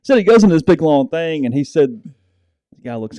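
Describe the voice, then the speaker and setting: A man's voice: on the high side, fairly quick, mellow, no echo. A man with a Southern US accent co-hosting a podcast, telling a rambling sports story in casual chat and acting out the quotes. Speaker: podcast co-host.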